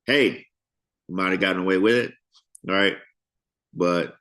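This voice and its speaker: Low-voiced man giving casual Bible commentary. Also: measured pace, long pauses, pushed and bright. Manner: conversational, dramatizes characters with playful asides. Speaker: Bible study teacher.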